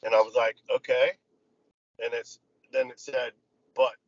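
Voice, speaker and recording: A man's voice: mid-range voice, level tone, a little fast, highs cut off. A man telling a story in casual chat as a guest, loose and profane, laughing between lines.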